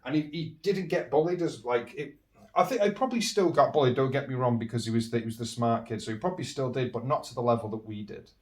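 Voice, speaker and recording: British guy rambling thru his own stories, candid and easygoing, mid pitch, bit of room echo. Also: fast talker, darkish tone, distant mic. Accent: British English. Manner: rambling and candid, with frequent restarts and chuckles. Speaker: podcast host. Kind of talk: candid personal storytelling.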